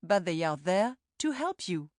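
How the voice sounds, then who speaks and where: Woman teaching slowly in a studio, careful demos, dry sound. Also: on the low side, sing-song, darkish tone, no room sound. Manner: careful, demonstrating. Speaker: language tutor. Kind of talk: scripted audiobook instruction.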